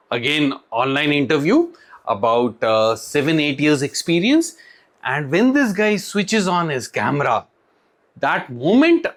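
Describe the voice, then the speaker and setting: A middle-aged man with an Indian accent, telling interview stories to camera in an animated way, acting out quotes and laughing often. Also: medium pitch. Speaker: tech interviewer and channel host. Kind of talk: storytelling to camera.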